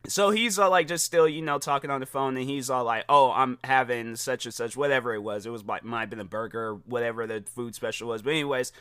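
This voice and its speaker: A young man hosting a podcast, telling a story in a casual, animated rant, acting out quoted voices and laughing often. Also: mid-range voice, fast talker, few pauses, smooth, no room sound, studio quality. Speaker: podcast host.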